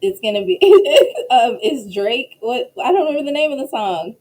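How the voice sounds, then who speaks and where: A woman professor as an interview guest, animated and laughing as she tells stories. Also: a little high, normal speed, rough recording. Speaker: professor and associate dean, guest. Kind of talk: casual interview.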